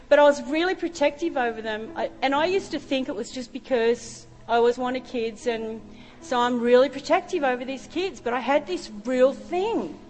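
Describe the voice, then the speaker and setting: A middle-aged woman preaching a sermon, telling her own story with emotion. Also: high-pitched. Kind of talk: sermon testimony. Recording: reverberant hall with faint music.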